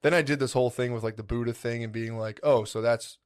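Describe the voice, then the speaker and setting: Quick-paced and clean-toned, the mid-range voice belongs to a male podcast co-host whose intonation stays fairly even. His casual, wandering story is full of "like" and "dude," and he voices the thoughts he had at the time.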